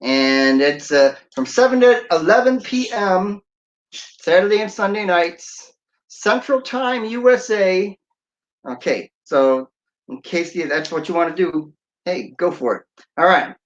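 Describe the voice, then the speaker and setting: A man's voice: high-pitched, measured pace, highs cut off. A man, a radio DJ, hosting a casual livestream, talking in a jokey, playful way. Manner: jokey, playful, breaks into sung snippets and laughs.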